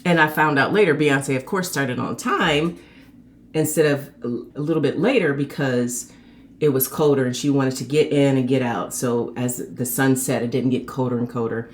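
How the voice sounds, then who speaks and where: A woman hosting her own show, telling a personal story in a chatty, animated way and acting out the people in it. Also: normal speed. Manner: animated, acts out quoted people with sharp pitch jumps; chatty and conversational. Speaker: host.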